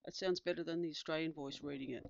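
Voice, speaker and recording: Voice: mid-range voice, fast, vocal fry, dry recording. Tutorial voice-over: patient instructor walking through settings, dry slightly muffled desk recording. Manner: calm step-by-step explaining with fillers. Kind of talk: screen-recorded tutorial demonstration.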